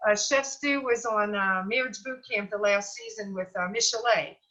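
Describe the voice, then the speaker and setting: A middle-aged woman chatting as an interview guest, talking in an animated, storytelling way with plenty of fillers. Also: medium pitch, moderate pace, low-quality recording. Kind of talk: casual interview chat.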